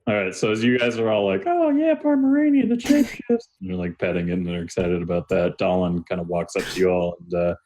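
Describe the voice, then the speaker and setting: A man's voice: low voice, level tone, fast, few pauses, darkish tone, slight background noise. A man narrating as game master, loose and full of uhs and likes. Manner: loose, filler-heavy narration.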